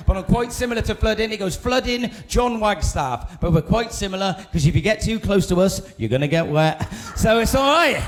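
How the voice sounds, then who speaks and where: A man hosting a comedy club night, bantering crudely with the crowd and hyping it up. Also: sits high. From England. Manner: crude, teasing banter with the crowd, shouting to hype the room. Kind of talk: stand-up compering.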